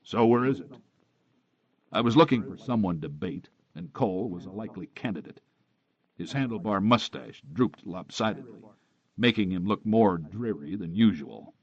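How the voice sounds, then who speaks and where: A man narrating a crime novel in the first person with a steady, hard-boiled delivery. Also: low-pitched, moderate pace, breathy edge. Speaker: audiobook narrator. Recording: dry, dull close-miked recording.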